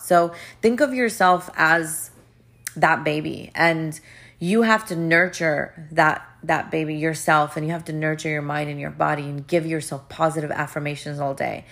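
A woman's voice: low voice, gravelly, fairly bright tone. A woman hosting a podcast as a life coach, talking earnestly and with emphasis, often repeating her phrases. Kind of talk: motivational podcast monologue.

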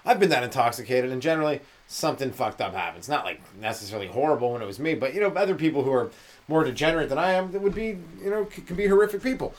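A man's voice: mid-range voice, lively intonation, rapid-fire. A male comedian hosting a podcast, rambling through a loose, profane solo monologue and dropping into mocking voices for the people he quotes.

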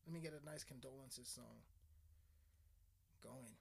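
A man hosting a podcast with a crude, rambling rant that swerves between mockery and mock-seriousness. His pitch sits in an ordinary middle range, and loud music plays behind him the whole time. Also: unhurried, creaky. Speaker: podcast host. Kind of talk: casual profane rant.

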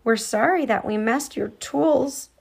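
A woman's voice: on the high side, unhurried, gravelly, breathy edge, pitched above the performer's own voice, heavily acted. A woman voicing a bubbly, playful young girl with showy, sing-song exclamations.

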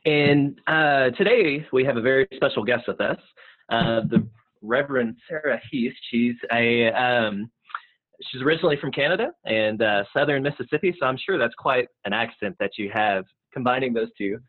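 Male podcast co-host, middle pitch, casual halting delivery, phone-quality audio. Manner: relaxed, halting with "uh" and "um". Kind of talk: podcast interview. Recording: tinny phone-like line.

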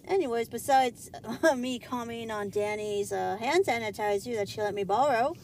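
A woman's voice: a little high, moderate pace, slight background noise. A young woman co-hosting a podcast in casual chat, joking, laughing often and swearing freely. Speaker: podcast co-host.

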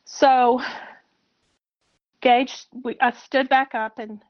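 A woman in her sixties from South Carolina, a podcast guest telling a personal story in a soft, halting, reflective way. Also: sits high, fairly even intonation. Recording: muffled lo-fi audio.

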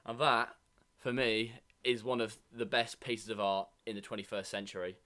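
A man's voice: on the low side, steady tone, moderate pace, bright, forceful tone. A man from England co-hosting a casual podcast, rambling with many ums and restarts. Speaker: podcast co-host. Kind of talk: casual banter.

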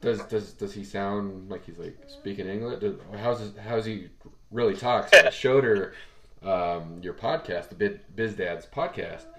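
A man hosting a casual podcast interview. His voice sits low but rings bright and forward. He is friendly and laughs often. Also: a little slow. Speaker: podcast host.

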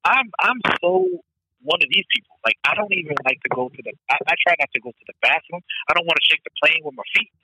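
A man's voice: a little high, lively intonation, quick pace, bright, forceful tone, slightly rough, dry recording, poor audio. A man in casual chat, telling stories with lots of animation, acting out his own nervous voice and swearing freely.

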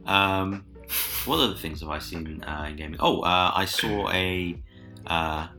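Man, young adult, casual podcast chat, deep voice, crisp bright tone, hesitant ums. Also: a little slow, soft background music. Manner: relaxed, hesitant with many ums. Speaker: podcast co-host.

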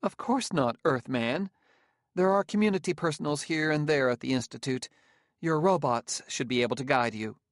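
A man's voice: on the high side, animated, normal speed, no echo, clean studio sound, voice pushed up. A man reading a scornful, imperious woman scientist. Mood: contemptuous. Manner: sneering, imperious.

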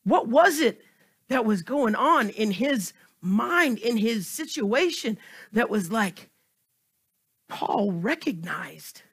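A man preaching a sermon with passion, swinging between loud emphatic cries and hushed, close asides. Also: sits high, big pitch swings, slow, gravelly, slightly rough.

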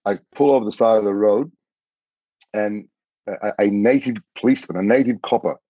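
A man, a podcast guest, telling a story in an earnest, animated way. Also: on the low side, fairly quick, dry recording, lo-fi sound. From Australia. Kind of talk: storytelling in conversation.

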